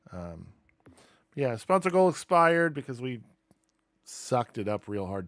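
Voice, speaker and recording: A gaming streamer talks casually and wryly through dirt racing results and car setup, mocking himself along the way. His medium-pitched voice is sing-song and a bit bright, unhurried with frequent pauses, recorded at studio quality with no echo.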